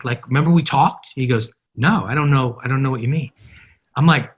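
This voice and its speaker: A middle-aged man with a husky, slightly breathy voice, guesting on a podcast. He tells stories with energy and keeps acting out the dialogue from them. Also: medium pitch, fairly quick. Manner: animated anecdotes, acting out quoted dialogue. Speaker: guest, marketer. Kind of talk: storytelling in a podcast interview.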